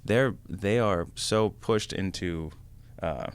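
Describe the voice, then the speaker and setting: Brief: male podcast guest, deep voice, rambling anecdotal storyteller. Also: takes it slowly, clear, resonant tone. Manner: rambling, lots of fillers and acted quotes. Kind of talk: casual storytelling.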